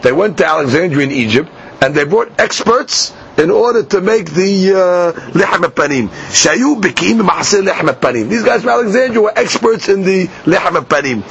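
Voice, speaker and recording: Man, Talmud teacher, gravelly voice, a bit high, dull recording with faint hiss. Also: expressive, fairly bright tone. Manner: reads Aramaic lines slowly, then explains them in English. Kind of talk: Talmud class, reading and translating.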